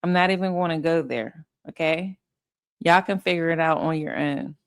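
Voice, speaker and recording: A woman's voice: sits low, moderate pace, clear, resonant tone. A woman hosting casual commentary, blunt and profane, often laughing. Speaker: commentary host.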